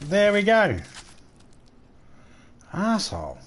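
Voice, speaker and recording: An Australian man streaming a game, swearing and joking at the enemies he fights. His voice sits a bit high and is still rough from losing it not long ago. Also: huge pitch swings, takes it slowly. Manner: crude, joking, talks trash at enemies. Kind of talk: live gameplay commentary.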